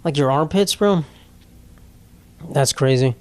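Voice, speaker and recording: A man's voice: fairly high pitch, takes it slowly, darkish tone, no echo. A young man hosting a casual solo podcast, rambling and profane, laughing as he reads posts aloud. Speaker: podcast host.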